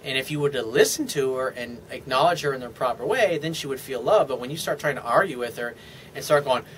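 A man's voice: medium pitch, lively intonation, quick pace, a bit bright, slight background noise. A man giving blunt, casual dating advice as a coach, with profane, dismissive asides.

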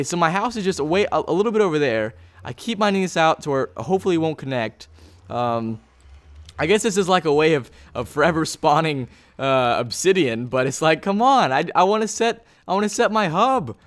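A man giving Let's Play commentary on a sandbox game, excitable and jumping between high squeals and low mutters, talking straight to viewers. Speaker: YouTuber playing Minecraft.

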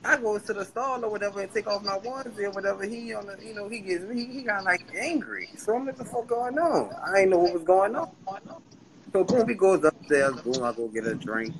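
New man, interview guest, animated profane storyteller, slightly high voice, noisy street background. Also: a little fast. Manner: animated and profane, acts out other people's lines. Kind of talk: casual storytelling.

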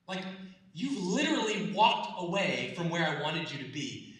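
A man preaching a sermon, swinging from loud, lively storytelling to soft, hushed asides and joking with the congregation. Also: moderate pace, heavy reverb, far from the mic, poor audio. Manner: dramatic shifts between booming and near-whisper; humorous, asks congregation for response. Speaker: pastor. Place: church sanctuary.

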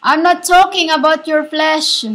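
High, slow-speaking woman preaching. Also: fairly even intonation, fairly bright tone, low-quality recording. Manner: halting, repetitive, keeps addressing listeners as "women". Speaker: self-styled spiritual preacher. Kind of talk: rambling spiritual monologue.

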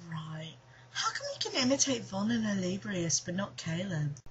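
A woman's voice: mid-range voice, big pitch swings, moderate pace, a little hiss or hum. A woman from the cast chatting casually, reading listener questions aloud and answering them with sarcastic asides. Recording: dull lo-fi home recording.

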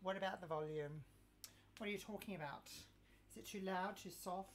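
A woman's voice: mid-range voice, moderate pace, a little hiss or hum. A woman hosting a casual live cooking stream, chatting and joking with viewers in a self-mocking way. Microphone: clip mic, sometimes moved.

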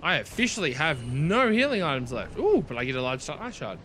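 A young man commentating his own gameplay, excitable, swearing and yelping at what happens on screen. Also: fairly high pitch, a little fast, background noise. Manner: excitable, swears and yelps at the game. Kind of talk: let's play commentary.

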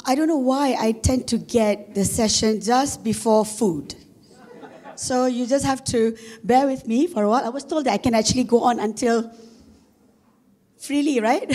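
A woman with a Malaysian English accent and a husky voice, giving a chatty conference presentation with many fillers and restarts. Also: on the high side, mellow. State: husky voice from dust. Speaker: conference speaker, marketing executive. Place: conference room.

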